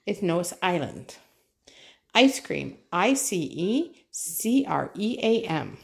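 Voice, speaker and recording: A woman's voice: lowish voice, sing-song, slow, gravelly. A mother patiently reading an alphabet workbook aloud with her child, spelling words letter by letter and echoing the child's prompts.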